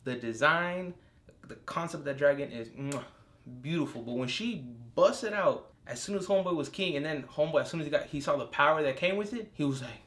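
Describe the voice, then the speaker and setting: A young man giving a casual solo review of a TV episode. He talks in an excitable, profane way, with bursts of enthusiasm. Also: fairly high pitch, fairly quick. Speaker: TV show reviewer.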